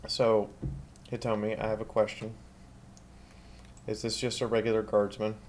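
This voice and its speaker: A man's voice: fairly low pitch, monotone, moderate pace, darkish tone, slight background noise. A man playing in a tabletop game, asking questions in a matter-of-fact way. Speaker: player. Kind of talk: casual tabletop play.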